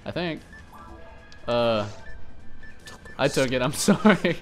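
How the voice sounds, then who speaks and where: A young man chats loosely through a gaming session, cracking jokes and swearing without a second thought. His voice swoops up and down a lot, sitting at a middle pitch. Game music plays quietly behind him. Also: expressive, slow. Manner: joking, swears casually, laughs often. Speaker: let's play co-host. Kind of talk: casual gaming chat.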